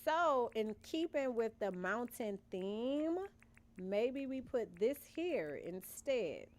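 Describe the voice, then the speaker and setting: A woman's voice: a little high, big pitch swings, slow pace. A young woman, chatting casually with her live-stream viewers while she plays and thinks aloud. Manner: chatty, muses aloud, addresses chat as y'all. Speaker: gaming streamer. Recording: faint background game music.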